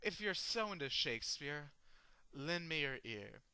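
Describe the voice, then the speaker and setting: Man, ranting rhyming recitation, sardonic and sweary, slightly high voice, smooth clear tone. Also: very animated, unhurried, sharp tone, no echo, poor audio. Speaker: poetry reader. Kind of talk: performed comic beat-poem recitation.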